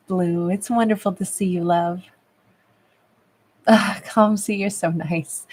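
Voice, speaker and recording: A woman tarot reader in a casual livestream, chatting affectionately with viewers and calling them babe and love, a little rough from a recent cough. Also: fairly low pitch, fairly even intonation, slow pace, pauses often, a little mellow. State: recovering from a cough. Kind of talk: livestream chat reading viewer comments.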